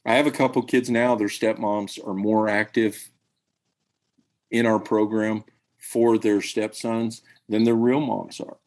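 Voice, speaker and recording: A man, a high school baseball coach, telling stories earnestly and emphatically in a podcast interview. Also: little pitch movement, measured pace, a little mellow. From Tennessee.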